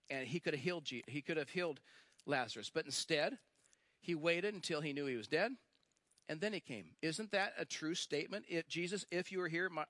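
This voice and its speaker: A man's voice: fairly high pitch, a bit bright, no echo. A male pastor preaching a sermon, telling a story with emphatic repetition and acting out the lines he quotes. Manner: emphatic, repeats phrases, slows for stress.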